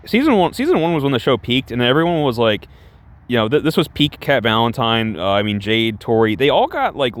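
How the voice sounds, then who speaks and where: A man streaming live, chatting casually in a rambling, self-conscious way with many restarts. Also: medium pitch. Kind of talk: casual livestream chat.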